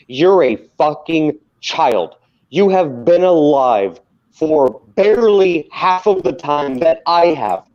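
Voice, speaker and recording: A man's voice: on the high side, darkish tone. An American man co-hosting a podcast, delivering an angry, mocking rant full of swearing. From United States. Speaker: podcast co-host. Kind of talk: profane rant. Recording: dull lo-fi sound.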